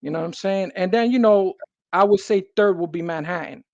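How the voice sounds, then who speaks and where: New man, high-pitched, emphatic street talker; dry, muffled recording. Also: fairly quick, darkish tone, no echo. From New York City. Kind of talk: casual conversation.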